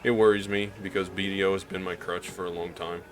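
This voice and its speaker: A man from Missouri with a slight Southern drawl gives casual gaming vlog commentary briskly, his low voice staying level. He's frank and rambling with many restarts, and a faint hiss or hum sits under the audio.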